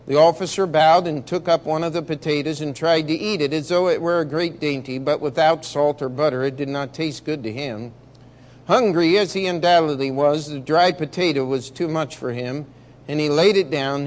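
Steady man reading a story aloud. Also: on the high side, normal speed. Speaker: reader.

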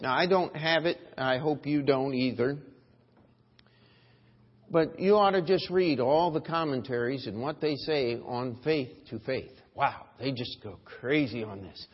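Husky preaching pastor, man, in a reverberant church. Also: medium pitch, a little slow. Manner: preaching with swings from quiet to loud emphasis. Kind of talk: sermon. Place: church sanctuary. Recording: dull reverberant church audio.

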